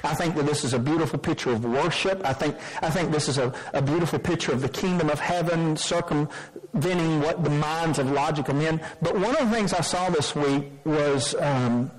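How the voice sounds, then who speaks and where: A man with a notably high-pitched voice delivers a sermon from the pulpit. He preaches emphatically, weaving scripture reading into his points and often restarting his sentences. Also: rough recording. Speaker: pastor.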